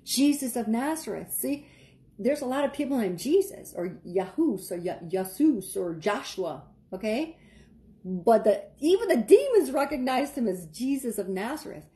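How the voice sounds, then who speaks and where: This woman preaching online has a sing-song voice on the high side with a dark tone, speaking at normal speed. Her sermon is impassioned, dramatic, and urgent, with repeated phrases aimed directly and casually at her listeners.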